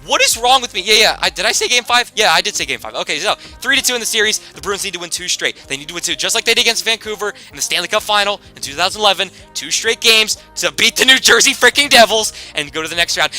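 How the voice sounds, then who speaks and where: A young man with a high, very bright and forceful voice calls the action of his sports video game run. He jumps from quiet asides to shouting cheers, with game music faint behind him. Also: a little fast. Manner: excitable, swings from mutter to shouting. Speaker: gaming YouTuber. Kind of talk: excited play-by-play commentary over a sports game.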